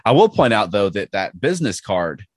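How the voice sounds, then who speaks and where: A man's voice: fairly low pitch, big pitch swings, moderate pace, husky, no room sound, clean studio sound. A man hosting a podcast in casual chat, talking easily with frequent laughs and restarts. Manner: chatty, laughs often, many restarts. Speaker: podcast host.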